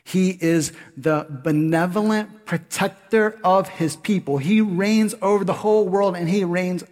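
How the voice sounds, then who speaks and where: A man preaching a sermon as pastor, animated, with rhetorical questions to the congregation. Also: sits high, a little slow. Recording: long hall reverb.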